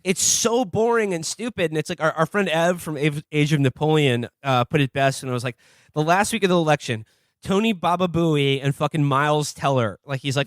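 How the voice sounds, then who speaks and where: Podcast co-host, man, higher voice, dry studio sound, sardonic and rambling, swears freely. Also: fairly quick, no room sound. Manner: profane, sardonic, rambling with restarts. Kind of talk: casual political chat.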